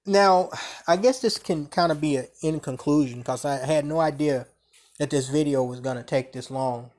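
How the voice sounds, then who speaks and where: Brief: man vlogger, casual storytelling rant, blunt and profane, animated delivery. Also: on the high side, normal speed.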